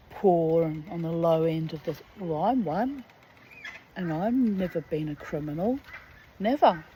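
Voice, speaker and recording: A woman's voice: sits low, mellow, a little hiss or hum, low-quality recording. A middle-aged woman, talking bluntly and indignantly in a rambling personal monologue, swearing freely. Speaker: reader and storyteller.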